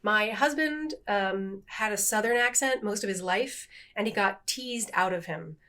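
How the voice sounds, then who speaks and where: A woman's voice: medium pitch, a little slow. A middle-aged woman co-hosting a podcast, chatting casually and laughing at her own slip-ups. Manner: animated, self-deprecating, laughs at herself. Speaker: podcast co-host. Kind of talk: casual chat.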